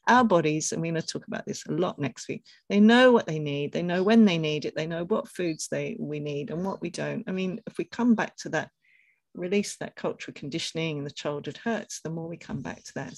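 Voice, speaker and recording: Expressive woman co-hosting a podcast. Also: sits low, fairly quick, dry recording. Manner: expressive, laughs between thoughts. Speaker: podcast co-host. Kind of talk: conversational podcast discussion.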